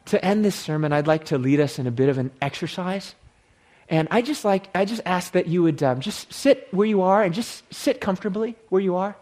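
A pastor preaching a sermon, rising to loud emphatic lines and dropping to hushed, slow guided prayer. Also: male voice, sits high, animated.

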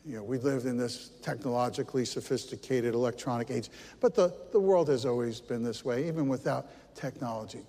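A middle-aged man preaching a sermon, telling a story with animated, self-deprecating humor. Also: mid-range voice, a little fast, hardly any pauses, in a large hall. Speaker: pastor.

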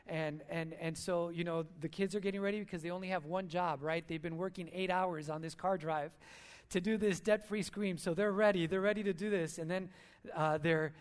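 A man giving a sermon at church, telling stories in an earnest, heartfelt way. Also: high-pitched. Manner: earnest, storytelling. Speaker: church speaker.

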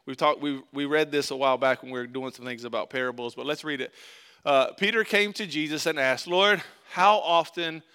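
A man preaching a sermon, reading scripture and explaining it earnestly, rising loud in the story and dropping soft on key points. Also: mid-range voice, brisk, clean tone. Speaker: pastor.

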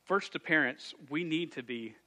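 A man's voice: on the high side, normal speed, sharp tone. A man, a youth pastor preaching to students and parents in a jokey, self-deprecating storytelling way. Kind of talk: sermon to a youth group and parents. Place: church youth room.

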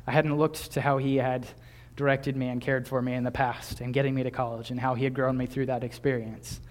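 A man's voice: mid-range voice, level tone, fairly quick. A young man in his twenties preaching a sermon in a conversational way, with small laughs and restarts. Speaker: pastor.

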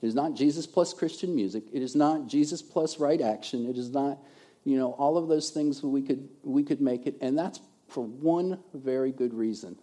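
A man preaching a sermon as a pastor, animated, swinging between loud emphasis and quiet asides. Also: medium pitch, moderate pace.

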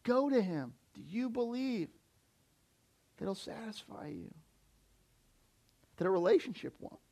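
A young man with a high-pitched voice preaches to his church. He talks in an easy, conversational way. He keeps putting direct questions to the people listening. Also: big pitch swings, unhurried, warm tone. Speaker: pastor. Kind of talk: sermon.

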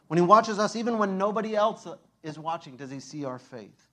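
A man's voice: high voice, expressive, brisk, bright, forceful tone. A man preaching a sermon in a casual, conversational way, full of fillers, acting out scenes and laughing often. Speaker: pastor.

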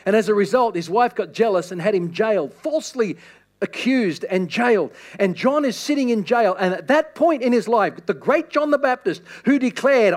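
A man preaching a sermon with impassioned, repeated appeals that swing from loud to hushed. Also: high voice, animated, normal speed.

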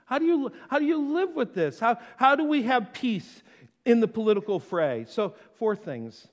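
A man preaching a sermon as pastor, conversational and playful, with quick asides and acted-out quotes. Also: very high voice, sing-song, long reverb tail.

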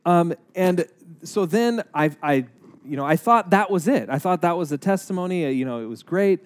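Man, higher register, earnest storyteller sharing a faith testimony. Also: moderate pace. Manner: earnest, animated retelling with acted-out quotes. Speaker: speaker giving a personal testimony.

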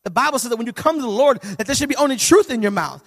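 A male pastor preaching a sermon with animated, humorous storytelling that sometimes swells into shouting. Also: high-pitched, quick pace. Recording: reverberant hall.

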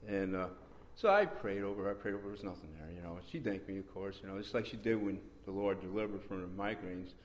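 A man giving a rambling, repetitive spoken testimony in a church meeting room, breaking into sudden excited bursts. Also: sits low, fast, few pauses. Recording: roomy echo.

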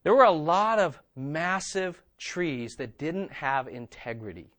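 A man's voice: fairly high pitch, lively intonation, slow, a bit bright. Man preaching with a conversational, repeating style. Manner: conversational preaching, repeats phrases for emphasis, asks "okay?" and "right?". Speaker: pastor. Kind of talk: sermon.

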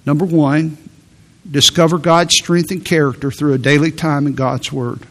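A middle-aged male pastor delivering a sermon. His voice sits a little high for a man. He speaks earnestly and stresses points with sudden lifts. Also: fairly even intonation, normal speed. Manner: earnest, emphatic preaching with sudden rises.

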